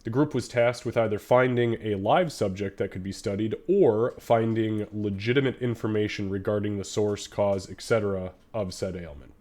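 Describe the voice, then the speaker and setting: A man with a lowish, nasal voice, stuffed up from a cold, hosts a live tabletop game. He rambles casually with fillers and the odd swear, then reads a session recap. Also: fairly even intonation, normal speed, few pauses, darkish tone. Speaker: game master. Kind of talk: casual live-stream chat.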